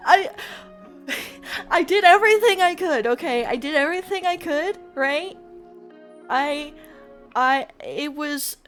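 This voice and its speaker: A woman's voice: sits high, slow pace, long pauses, fairly bright tone, faint music behind. A woman streamer chatting live to her viewers, anxious and close to tears, rambling and laughing nervously. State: on the verge of tears. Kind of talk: casual live-stream chat.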